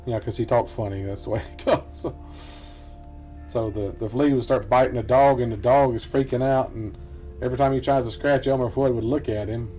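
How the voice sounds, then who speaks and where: Relaxed, rambling middle-aged man. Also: medium pitch, fairly quick, soft background music. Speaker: gameplay commentator. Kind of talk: casual let's-play commentary.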